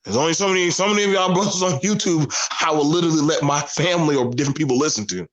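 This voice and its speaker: A man's voice: on the high side, racing, poor audio. Southern us guy on a panel, earnest, keeps repeating himself for emphasis. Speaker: panel guest. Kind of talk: casual panel discussion.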